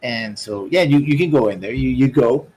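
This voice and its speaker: A man narrating as game master for a tabletop game, halting and full of fillers. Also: medium pitch, darkish tone, a little hiss or hum, poor audio.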